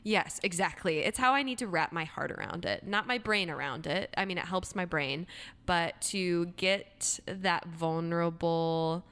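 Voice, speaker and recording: A woman with a lowish voice co-hosts a casual podcast. She talks in a playful, reflective way and swears at times. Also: measured pace, a bit bright, clean tone. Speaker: podcast co-host. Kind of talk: casual chat.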